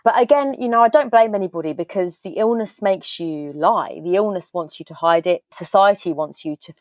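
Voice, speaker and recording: A woman with a low voice tells her story candidly over a video call, her words tumbling out as she acts out the voices of the people she quotes. The sound is dry and close, with no room echo. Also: a little fast, darkish tone. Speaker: podcast guest, author. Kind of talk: candid casual interview chat.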